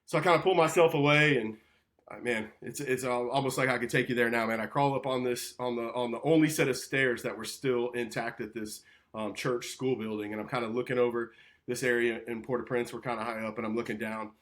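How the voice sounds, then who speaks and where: Man, podcast guest, casual, animated storyteller who acts out dialogue. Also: mid-range voice, fairly quick. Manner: animated storyteller, acting out quotes, frequent "right?" and "like".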